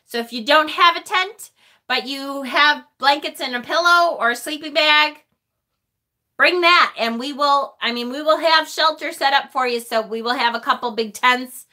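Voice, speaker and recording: A woman hosting a casual tarot live stream, gushing and excitable as she reads viewer chat aloud. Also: high voice, moderate pace.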